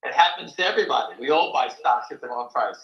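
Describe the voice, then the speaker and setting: A man's voice: medium pitch, animated, fast, echoey room, lo-fi sound. An older man hosting a live stock market talk show, blunt, folksy and rambling.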